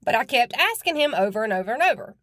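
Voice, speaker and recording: A woman's voice: fairly high pitch, sing-song, fast, a bit bright, dry recording, studio quality. A woman hosting a true crime podcast, talking in a blunt, chatty and casual way with some cursing. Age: adult with children.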